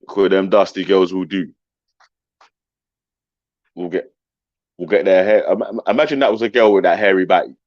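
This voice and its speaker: A man's voice: low-pitched, normal speed, pauses often, no echo, muffled recording. A man hosting a casual live chat, brash and slang-heavy, swearing freely. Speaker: host.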